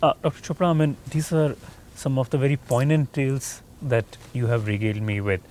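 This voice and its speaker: Male podcast host, long winding questions, middle pitch, faint ambience. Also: fairly even intonation, brisk, darkish tone, slight background noise. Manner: long, rambling questions with restarts. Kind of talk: interview questions.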